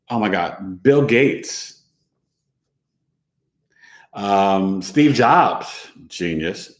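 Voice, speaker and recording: A man with a lower-pitched voice hosts his own astrology podcast, chatting loosely and wandering off on tangents. His talk is full of fillers and friendly asides. The room around him echoes noticeably. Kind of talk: casual monologue.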